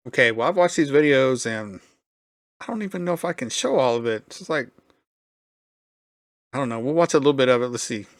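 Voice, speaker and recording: Male reaction host, sarcastic mutterer, mid pitch, dry mic. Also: expressive, brisk, long pauses, no room sound. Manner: sarcastic, muttering asides, swears freely. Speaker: commentary channel host. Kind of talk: casual reaction commentary.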